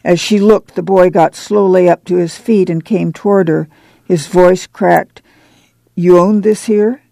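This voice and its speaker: A woman narrating an audiobook in a steady reading voice. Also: lowish voice, unhurried, vocal fry, no echo.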